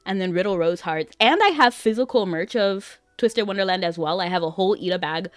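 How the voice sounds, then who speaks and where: A woman chatting casually as a gaming streamer, excitable and rambling, often giggling. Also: mid-range voice, fairly quick, dry recording, studio quality.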